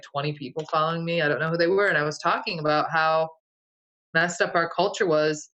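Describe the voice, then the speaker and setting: A woman's voice: sits low, fairly bright tone, rough recording. A woman guest, a folk herbalist, telling a vivid dream in a loose, casual way full of "like" and "you know". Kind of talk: casual storytelling interview.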